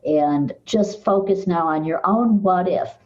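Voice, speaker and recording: An older woman psychologist, a podcast guest, calmly guiding listeners through mind-body exercises. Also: on the low side, dull audio. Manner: calm, measured, guides listener through exercises. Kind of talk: podcast interview, explaining techniques.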